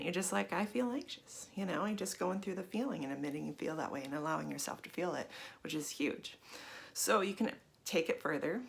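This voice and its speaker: A woman teaching a tapping routine for anxiety in a casual, gentle, encouraging way, talking straight to the viewer. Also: on the low side, gravelly, slight background noise. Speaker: tapping instructor. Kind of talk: casual guided self-help lesson.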